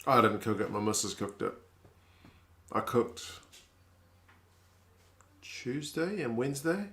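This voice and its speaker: A man's voice: mid-range voice, expressive, slow, fairly bright tone. A man in his thirties with a New Zealand accent, hosting a live stream and chatting casually as he reads out viewer comments in a laid-back, wry way.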